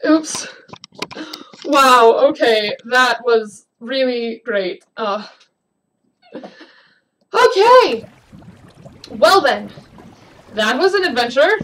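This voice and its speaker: A woman's voice: a little high, a bit bright, low-quality recording. A young woman giving casual gameplay commentary at her desk, jumpy and exclaiming, chatting to the creatures on screen. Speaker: gaming video creator. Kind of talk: casual let's-play commentary. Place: home room at a desk. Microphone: desk webcam mic.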